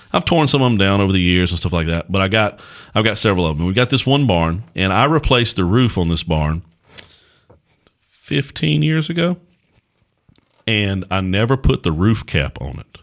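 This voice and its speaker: A middle-aged man with a deep, low voice talks casually on a podcast. He tells folksy stories as a pastor and host, in a relaxed conversational way.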